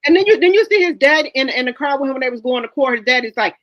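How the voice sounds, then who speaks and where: A woman's voice: sits high, expressive, very fast, no echo, dull audio. A woman in a casual gossip chat who keeps repeating her questions insistently.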